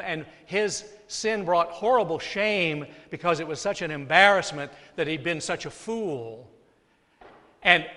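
Male pastor, slightly high voice, preaching with soft dips and loud peaks in a reverberant sanctuary. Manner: dynamic preaching, drops soft then rises loud. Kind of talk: sermon. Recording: long hall reverb.

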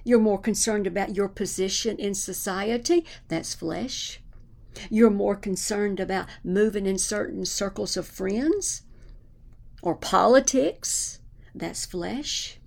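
Gravelly woman preaching with fervor. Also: mid-range voice, takes it slowly, a little mellow. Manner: fervent, dropping to whispered prayers. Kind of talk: sermon.

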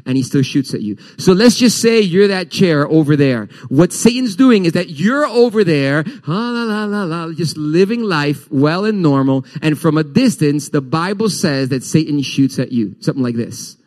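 Man preaching a lively sermon. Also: on the high side, moderate pace, few pauses. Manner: animated preaching, voice rising and falling widely. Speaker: pastor. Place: church.

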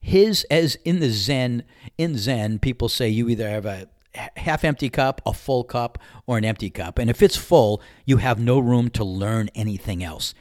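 A man of middle pitch tells a story on his podcast in a candid, casual way, slipping into the voices of the people in it. His voice is recorded close and dry, with no room sound around it. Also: moderate pace, no room sound. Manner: animated anecdote-telling, acts out dialogue; candid and conversational, mild swearing. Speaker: podcast host.

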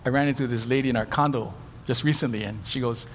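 A man's voice: mid-range voice, steady tone, fast talker, long reverb tail, a little hiss or hum. A middle-aged man preaching a sermon as pastor, telling stories with animation and acting out the voices of the people he quotes.

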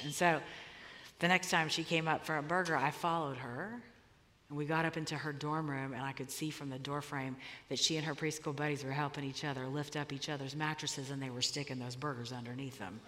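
A woman's voice: low-pitched, a bit bright. Woman preaching in a reverberant hall. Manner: conversational storytelling, emphatic. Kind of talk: sermon with personal story.

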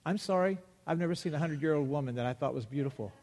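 A man preaching a sermon, acting out Bible dialogue with emphatic pauses. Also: a little high, darkish tone. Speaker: pastor. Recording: long hall reverb.

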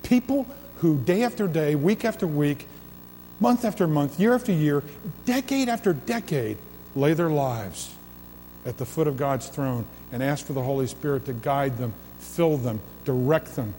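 A man's voice: fairly high pitch, expressive, normal speed, mellow, a little hiss or hum. A man preaching a sermon in a church sanctuary, building emphasis through repeated, swelling phrases. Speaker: pastor. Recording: long reverb of a large hall.

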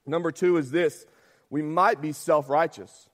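A man's voice: fairly high pitch, steady tone, a little slow. A man preaching a sermon as pastor, talking conversationally, often asking "right?" and acting out quotes.

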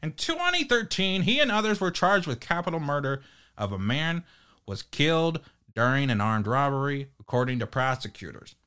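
A man's voice: a little high, sing-song, moderate pace, pushed and bright, smooth. A man with a New Jersey accent hosting a parody podcast, reading articles aloud with stumbles and crude jokes. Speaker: podcast host.

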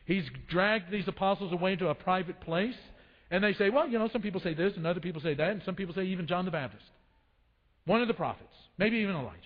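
A man with a high voice preaches a sermon, calling out to the congregation for answers and hammering his points home by repeating them. His voice rings through a church hall with long reverb. The sound is dull and muffled. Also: animated, fast talker. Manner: call-and-response preaching, repeats phrases for emphasis. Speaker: pastor. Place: church sanctuary.

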